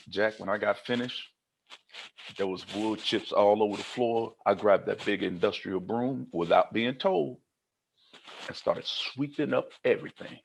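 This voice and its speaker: A man from Kentucky giving a humorous motivational keynote, telling his own story in an animated style and acting out the dialogue. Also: fairly low pitch, gravelly, slight background noise. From Kentucky, United States. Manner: animated, comic, acts out dialogue.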